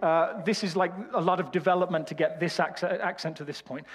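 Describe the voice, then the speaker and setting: A man from Birmingham, England, with a Birmingham accent, preaches a sermon in a high, steady, slightly rough voice at a somewhat fast pace. He tells humorous, self-deprecating stories, and the recording has the echo of a reverberant hall.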